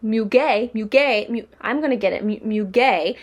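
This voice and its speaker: A young woman talks through a perfume review in a loose, rambling way, full of "like" and restarts. Her voice sits a little high for a woman. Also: normal speed. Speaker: perfume reviewer, channel host. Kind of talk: casual product review vlog.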